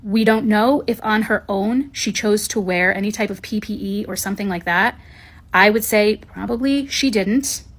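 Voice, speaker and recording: A woman giving viewers a brisk, step-by-step news update. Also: medium pitch. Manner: brisk, informative, sequential recounting.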